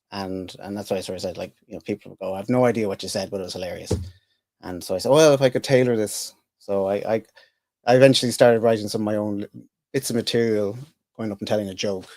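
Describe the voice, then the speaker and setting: A middle-aged Irish man with a fairly low voice, talking casually as a podcast guest. He wanders through his stories with restarts and dry jokes. The sound is close and dry, with no room around it. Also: darkish tone, no room sound. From Ireland. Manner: rambling, self-interrupting, dry humour. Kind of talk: casual interview chat.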